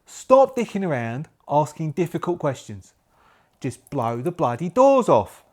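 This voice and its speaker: A man voicing a gruff, blustering male major in a clumsy mock Australian accent, blunt and loud. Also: a little high, very animated, a little slow. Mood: impatient. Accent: mock Australian, poorly done.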